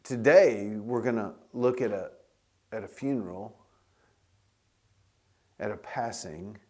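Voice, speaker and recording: A man's voice: fairly low pitch, takes it slowly, darkish tone. Man preaching in a conversational way. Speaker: pastor. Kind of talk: sermon.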